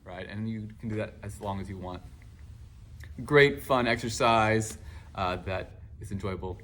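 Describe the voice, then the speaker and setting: A man, a choir teacher, explaining warm-up exercises in casual teaching talk, now and then breaking into song. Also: lowish voice, a little slow, soft background music. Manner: animated, bursts into singing and acted class responses.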